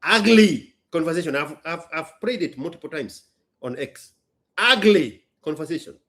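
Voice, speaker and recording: Emphatic, blunt man with a lively voice. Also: fairly high pitch, moderate pace. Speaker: business owner and show host. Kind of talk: casual storytelling chat.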